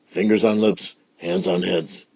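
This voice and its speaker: A man voicing a small, gruff and grumpy male robber in a read-aloud storybook, speaking in a low growl and giving bossy orders. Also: fairly even intonation, a little slow, darkish tone, dry recording, heavily acted.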